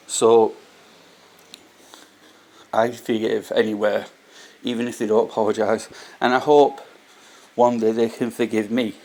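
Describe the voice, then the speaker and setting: A man with a voice of ordinary pitch speaks earnestly and unscripted about faith. He circles back to his main points and often restarts his sentences as he talks. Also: a little mellow. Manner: earnest, repeats key points, frequent restarts. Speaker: vlogger sharing faith reflections. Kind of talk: casual spoken reflection to camera.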